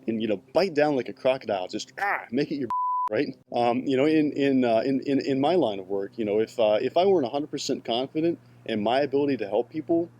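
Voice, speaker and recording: Male podcast host, mid-pitched voice, emphatic, swears freely, motivational business rant. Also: animated, a little fast, a little mellow, slight background noise. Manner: casual, profane, keeps asking "right?"; emphatic, many restarts.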